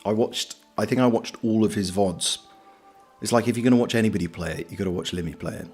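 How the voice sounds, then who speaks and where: A man's voice: lowish voice, fast talker, darkish tone, husky, faint music behind. A British man streaming, chatting casually and reading out viewer comments in a joking, self-deprecating, rambling way. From Britain.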